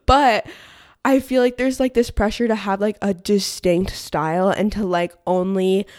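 A woman's voice: mid-range voice, fairly even intonation, a little slow, darkish tone, no echo, studio quality. A young woman hosting a casual solo podcast, bubbly and chatty, full of filler words, speaking into a podcast mic at home. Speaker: podcast host. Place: home room. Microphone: podcast mic on stand.

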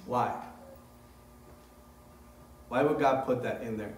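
A man's voice: mid-range voice, expressive, takes it slowly, long pauses, echoey room, distant mic, slight background noise, low-quality recording. A man preaching as a pastor, reading scripture aloud and then explaining it with rising emphasis. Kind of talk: sermon.

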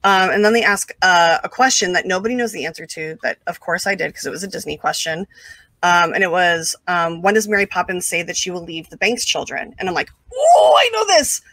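A woman telling a long personal story as an interview guest, casual and animated, full of fillers and quick asides. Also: fairly low pitch, dry recording.

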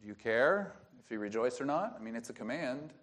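A man's voice: medium pitch, very animated, a little fast, a bit bright. A man preaching a sermon as pastor, explaining the grammar of a Bible verse and asking rhetorical questions.

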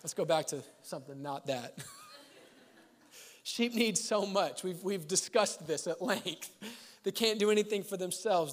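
A man preaching a sermon as pastor, mixing scripture with joking asides and laughter, swinging between loud emphasis and quiet, slow lines. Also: high-pitched. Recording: long hall reverb.

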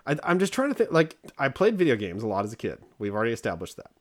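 Racing along with wildly swooping pitch around a medium register, this podcast co-host chats casually. He's a man in his forties telling stories about his kids, rambling, stopping and starting, and cutting himself off mid-thought.

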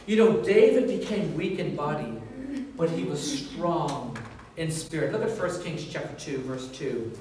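A middle-aged man, preaching a sermon with animated, self-mocking storytelling. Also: fairly high pitch, unhurried, a little hiss or hum. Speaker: pastor. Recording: echoey hall, voice from a distance.

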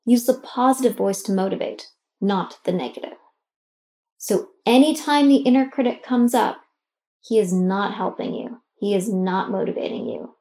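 A woman's voice: medium pitch, lively intonation, normal speed, dark tone. A middle-aged woman hosting and guiding a self-help exercise, coaching the listener directly with emphatic, encouraging instructions.

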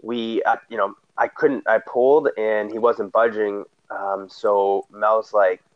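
A man with a fairly low voice tells a story in a casual, animated way. He acts out what others said with sudden loud, high bursts. The recording sounds dull and lo-fi. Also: slow. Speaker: guest telling a story.

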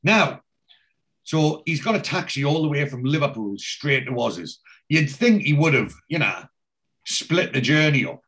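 A man's voice: a little high, expressive, a little slow, fairly bright tone. A man, casually recapping a TV episode as a podcast host, telling it in a rambling way with many fillers.

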